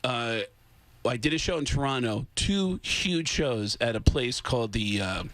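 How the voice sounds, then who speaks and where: A man's voice: medium pitch, animated, a little slow, fairly bright tone, no echo. A man nearing fifty, a comedian guest on a radio show, telling long rambling stories with lots of ums and uhs. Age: 40s. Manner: rambling anecdotal delivery with many fillers. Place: radio studio.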